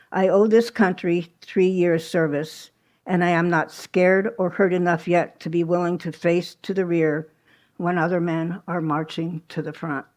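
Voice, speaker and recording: A woman presents a history program to a live audience at a small museum. Her voice sits on the lower side, and she tells the story conversationally, stopping for asides and little restarts. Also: a little mellow.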